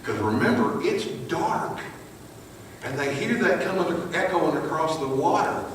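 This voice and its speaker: A man preaching to a live audience, retelling a scene vividly and dropping to a hush for tension. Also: fairly high pitch, lively intonation, moderate pace. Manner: vivid, shifts from loud to hushed. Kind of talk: dramatic storytelling sermon. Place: live venue, large hall. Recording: echoey hall from a distance with noise.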